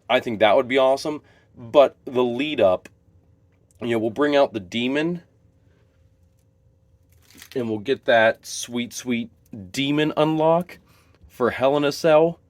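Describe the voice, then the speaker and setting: In a mid-range voice with no room sound, a man who makes wrestling videos addresses viewers in a relaxed solo commentary. His excited, rambling delivery keeps doubling back with restarts and corrections.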